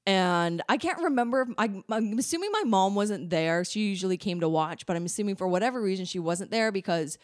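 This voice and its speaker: A woman's voice: mid-range voice, lively intonation, fairly quick, hardly any pauses, dry recording. Chatty woman telling stories, dry sound. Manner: chatty storytelling full of "like" fillers, laughs often. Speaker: podcast co-host. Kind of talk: casual chat.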